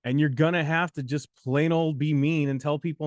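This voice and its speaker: A man's voice: on the high side, steady tone, moderate pace, dry recording. A middle-aged man hosting a study livestream, giving a preachy motivational talk that repeats points and drops joking asides. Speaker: exam prep coach and host.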